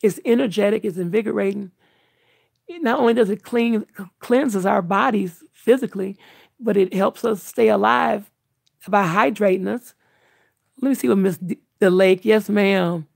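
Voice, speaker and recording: Woman, very gravelly, husky, casual rambling chat, dry close sound. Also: medium pitch, normal speed, no room sound. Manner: meandering, many restarts and fillers. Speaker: livestream host answering viewers.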